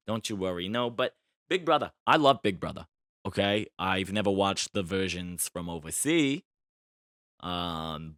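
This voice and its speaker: A man talks loosely into a close mic as a podcast host, full of playful, boastful jokes. His voice sits fairly low, and the recording is dry with no room sound. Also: a bit bright, dry recording. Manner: playful, boastful, tongue-in-cheek. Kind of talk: casual solo podcast chat.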